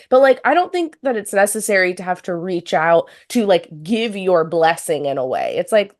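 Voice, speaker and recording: Young woman chiming in with quick reactions. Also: on the low side, sing-song, a little mellow, dry recording, clean studio sound. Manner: reactive, quick agreeing interjections. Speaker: podcast co-host. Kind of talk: casual chat.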